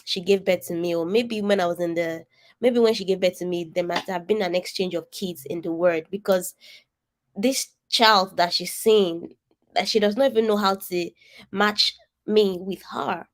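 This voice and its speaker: A woman's voice: mid-range voice, steady tone, moderate pace. Nigerian woman, coach, nasal distinctive voice, earnest and direct, video call. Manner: earnest, emphatic, addresses listeners directly. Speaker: coach leading an online session. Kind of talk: interactive coaching talk.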